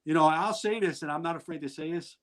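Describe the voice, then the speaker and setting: A man's voice: fairly high pitch, quick pace, fairly bright tone, poor audio. A middle-aged man speaking over a video call with a slightly raised voice. He rambles bluntly through his stories and keeps laughing at himself along the way. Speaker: guest. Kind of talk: candid storytelling in an interview.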